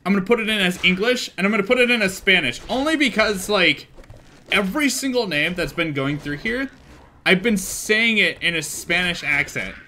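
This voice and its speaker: A young man streaming a game live and chatting casually, excitable and swearing freely as he thinks aloud. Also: sits high, normal speed, slight background noise.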